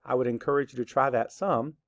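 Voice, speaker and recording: A man teaches a children's phonics lesson at an ordinary, mid-range pitch. He is patient and encouraging, and he talks straight to young viewers as though they sit in front of him. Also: steady tone, fairly quick.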